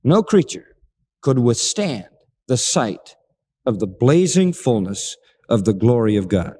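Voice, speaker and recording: A man preaching a sermon, animated and dramatic, acting out the lines he quotes. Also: mid-range voice, a little slow, breathy edge. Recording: long reverb of a large hall.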